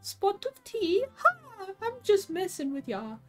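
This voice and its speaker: A woman's voice: extremely high pitch, very animated, unhurried, pushed and bright, faint music behind, exaggerated voice. A woman voicing a cheery middle-aged dad in an exaggerated, put-on British accent for a game.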